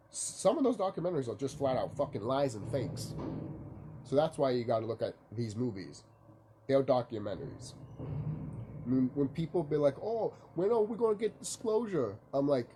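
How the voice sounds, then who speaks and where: A man's voice: mid-range voice, mellow, a little hiss or hum. A young man vlogging from home in the early morning, sleepy and rambling, swearing casually and leaning on fillers. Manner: loose, rambling, lots of fillers and profanity.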